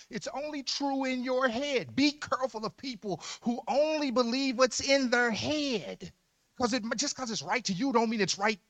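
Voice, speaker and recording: A man preaching a sermon as pastor in a church, emphatic, dropping to low murmurs and rising to loud shouts. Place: church sanctuary.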